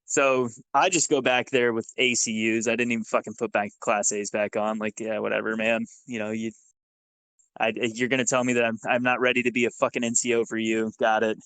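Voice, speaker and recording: A man's voice: mid-range voice, fairly quick, smooth, no echo, poor audio. A man, a former Army sergeant, telling war stories on a podcast in a loose, profane way and acting out the dialogue. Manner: profane, animated, acts out dialogue. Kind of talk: casual storytelling.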